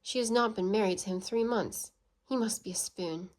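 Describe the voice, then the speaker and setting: A woman reading as a blunt, proud English gentleman. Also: medium pitch, normal speed, lightly acted. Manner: blunt, scolding. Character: blunt, proud, sarcastic middle-class Englishman.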